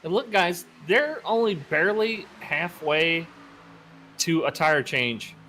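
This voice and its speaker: An upbeat man chimes in on the race with quick observations of what the drivers are doing. His voice is fairly high and very bright and forward. A faint hiss sits in the background. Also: expressive. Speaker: color commentator. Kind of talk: casual race commentary.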